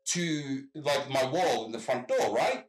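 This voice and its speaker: A middle-aged man, a guest telling stories in animated, casual chat over a video call, swearing freely. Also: medium pitch, a little slow, roomy sound.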